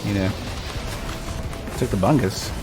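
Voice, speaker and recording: Streamer, male, lowish voice, loose rambling chat over faint game music. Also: unhurried. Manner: rambling, self-interrupting, lots of restarts. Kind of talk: casual gaming stream chat.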